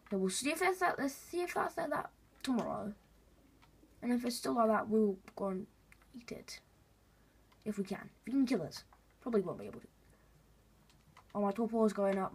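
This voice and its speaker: A woman's voice: mid-range voice, creaky, a little mellow, husky. A woman hosting a gaming video, chatting casually and rambling to viewers as she plays. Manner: chatty, rambling, talks to viewers while playing. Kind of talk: casual gameplay commentary.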